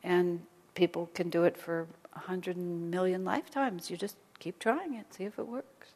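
A woman giving an informal spiritual talk to a small group, gentle and conversational, sometimes dropping almost to a whisper. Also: on the low side, fairly even intonation, moderate pace, slightly rough. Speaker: spiritual teacher. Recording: long reverb of a hall.

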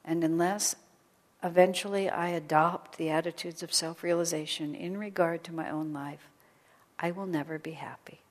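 A woman giving an informal spiritual talk to a small group, gentle and conversational, sometimes dropping almost to a whisper. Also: lowish voice, steady tone, moderate pace. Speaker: spiritual teacher. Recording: long reverb of a hall.

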